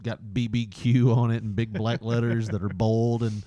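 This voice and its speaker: A podcast co-host spins a long, meandering anecdote, laughing along with himself. His voice sits at an ordinary middle pitch. The sound is close and dry, with no room echo. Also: little pitch movement, dark tone, muffled recording. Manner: rambling, drawn-out anecdote told with frequent laughter. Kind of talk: casual storytelling chat.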